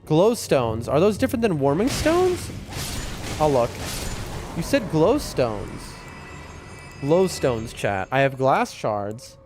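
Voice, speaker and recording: A man chats his way through a game stream from his room at home, rambling to his viewers as he plays. His voice sits a little high and swings widely in pitch. Faint music runs behind him. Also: wildly swooping pitch, takes it slowly, long pauses. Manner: chatty, rambling, talks to chat and his cat. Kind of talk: casual live-stream chat.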